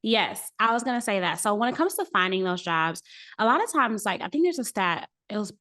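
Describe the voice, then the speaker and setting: A woman's voice: medium pitch, sing-song, brisk, pushed and bright. Earnest woman career coach giving advice. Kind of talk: casual podcast interview.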